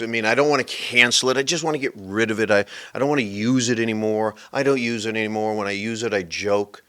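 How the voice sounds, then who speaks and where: A man's voice: on the low side, fairly bright tone. A man hosting a solo podcast, ranting sarcastically and mimicking people in exaggerated voices, laughing often. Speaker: podcast host. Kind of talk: animated solo podcast rant.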